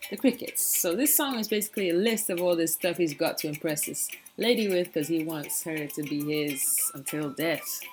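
Lively woman teaching a language lesson. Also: deep voice, faint music behind. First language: English. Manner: playful, enthusiastic, repeats phrases slowly.

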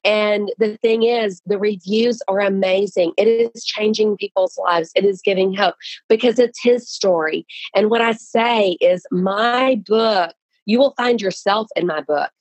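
A woman's voice: medium pitch, measured pace, dry recording, low-quality recording. A woman guest speaking casually and earnestly about writing and releasing her book, with frequent restarts. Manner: earnest, animated, many restarts. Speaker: author and guest. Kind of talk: casual conversational storytelling.

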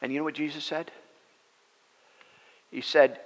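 Pastor preaching in an echoing hall. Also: male voice, a little fast, breathy edge. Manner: animated, acts out quoted voices with rising pitch. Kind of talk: sermon storytelling. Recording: long reverb of a church hall.

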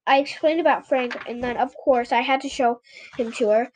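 A woman's voice: fairly high pitch, normal speed, a little hiss or hum. A woman reading a children's book aloud, often stumbling and correcting herself. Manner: frequent stumbles and self-corrections. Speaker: reader.

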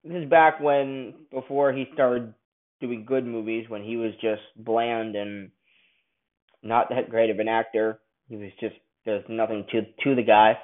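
A man angrily ranting through a movie review, swearing often and bursting out loudly now and then. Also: medium pitch, level tone, measured pace. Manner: angry, profane ranting with sudden loud outbursts. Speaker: film reviewer. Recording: tinny phone-like sound.

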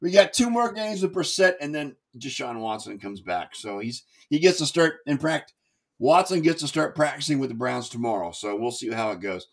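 A man hosting a casual sports podcast, animated and tripping over his own words. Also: medium pitch, normal speed. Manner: animated, repeats words when excited. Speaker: podcast host.

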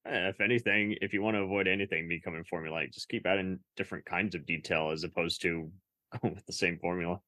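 A woman hosts a casual interview in a relaxed, affirming way and laughs often. Her voice is extremely low in pitch. The recording is dry and close, with no room sound. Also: fast, no room sound. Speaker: interview host.

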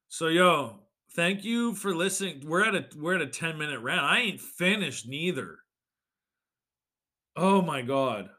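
A young man hosting a solo podcast, ranting with swearing and sudden shouted bursts. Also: a little high, very animated, normal speed. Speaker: podcast host.

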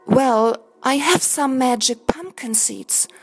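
A woman's voice: sits high, slow, husky, soft background music, voice pushed up, heavily acted, poor audio. A woman voicing a kind male elf in a storybook, speaking in a sympathetic, lifted tone. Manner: warm and sympathetic.

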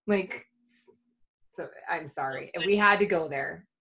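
A woman co-hosting a podcast, telling casual, animated stories with lots of swearing and laughter. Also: fairly low pitch, takes it slowly, vocal fry. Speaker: podcast co-host. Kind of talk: casual chat.

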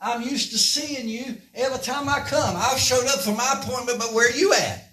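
A man's voice: very high voice, normal speed, bright, forceful tone, roomy sound, distant mic, pitched above the performer's own voice. A man preacher voicing God as a stern, insistent caller searching for someone who has gone missing, firing off demanding questions.

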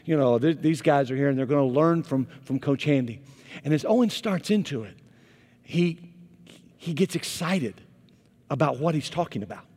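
Animated preacher in a reverberant hall. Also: male voice, on the high side. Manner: animated storytelling, volume rising and falling. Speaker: pastor. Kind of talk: sermon. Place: church sanctuary. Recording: long reverb of a large hall.

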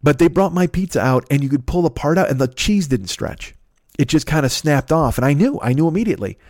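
A man's voice: a little high, expressive, brisk, darkish tone, dry recording, clean studio sound. A middle-aged man, telling a profane, ranting story on a podcast and breaking into impressions of his friends. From Chicago area, USA. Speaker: podcast host. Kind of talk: casual storytelling.

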